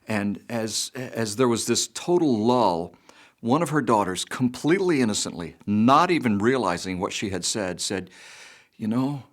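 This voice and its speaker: A man with a low voice tells a story from his ministry work. His delivery is calm and measured, the way a pastor talks. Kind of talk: storytelling anecdote.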